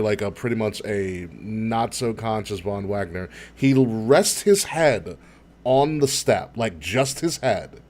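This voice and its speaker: A man co-hosting a podcast in casual chat, telling stories with excitement, swearing and laughing often. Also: lowish voice. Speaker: podcast co-host.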